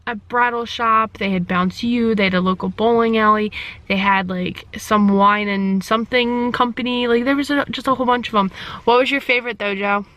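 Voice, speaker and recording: A woman talks casually to her vlog camera, rambling along with plenty of fillers. Her voice sits at an ordinary middle pitch, and she is filmed on a handheld camera. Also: a bit bright. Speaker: family vlogger.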